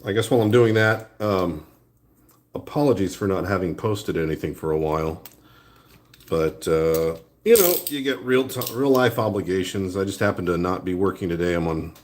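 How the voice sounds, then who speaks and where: A man making an art vlog, chatting casually and rambling easily as he sculpts a small creature. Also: deep voice. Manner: relaxed, rambling talk while working with hands. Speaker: art vlogger. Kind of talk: casual chat while sculpting. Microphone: new phone.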